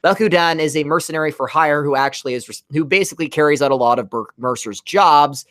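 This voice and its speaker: A man's voice: on the high side, fast. A man, a comic book creator, chatting casually on a livestream and rambling animatedly about his book. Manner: rambling, animated, self-correcting.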